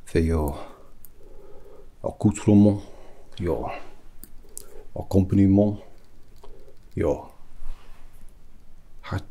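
A man voicing an eccentric, rambling British hat maker with a British accent in whispered role-play, soft and breathy, pompous and full of puns. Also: low-pitched, very slow, pauses often, heavily acted. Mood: fussy. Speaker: milliner.

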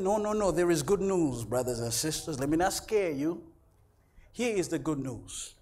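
A man preaching as pastor in a church, shifting between loud shouted lines and quiet low ones while he voices imagined church members. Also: expressive, normal speed. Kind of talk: sermon.

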